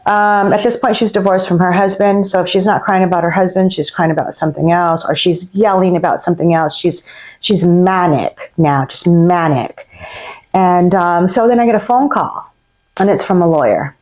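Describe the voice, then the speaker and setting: A woman's voice: fairly low pitch, normal speed, a little mellow. A woman, a hairstylist, telling a story about a difficult client in a candid, exasperated way. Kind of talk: storytelling to camera.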